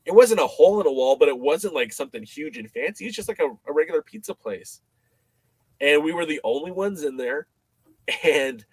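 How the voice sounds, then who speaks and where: A man as a podcast guest, telling a story in a casual, animated way, with many fillers and restarts. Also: a little high, no room sound.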